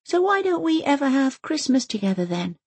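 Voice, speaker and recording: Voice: mid-range voice, expressive, moderate pace, darkish tone, slightly rough, dry recording, voice pushed up. An audiobook narrator voicing a spirited, stubborn young girl who keeps asking pointed questions. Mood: probing. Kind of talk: audiobook character voice.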